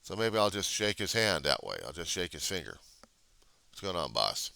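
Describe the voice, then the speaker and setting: Deep, gravelly man, blunt and sarcastic. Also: big pitch swings, moderate pace, sharp tone, no room sound. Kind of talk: casual chat.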